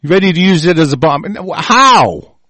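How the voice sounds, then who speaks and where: A man's voice: on the high side, sing-song, a little fast, bright, forceful tone, dry recording. A man angrily ranting with constant swearing, reading news reports aloud and breaking in to attack them. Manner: profane, furious, reading news aloud and interrupting it. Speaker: commentator. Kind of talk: angry ranting commentary.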